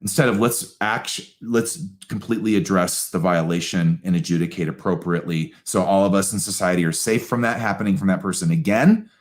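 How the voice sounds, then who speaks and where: A man hosting a live astrology talk, answering audience questions in an animated, emphatic way with quick asides. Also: low voice.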